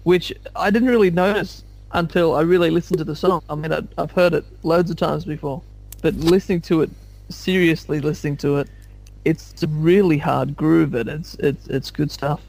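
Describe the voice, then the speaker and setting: Man on a music chat panel, fairly high voice, lively, jokey, laughs at himself. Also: moderate pace, creaky. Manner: animated and jokey, laughs at his own stories. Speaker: podcast panelist called Captain. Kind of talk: casual music discussion.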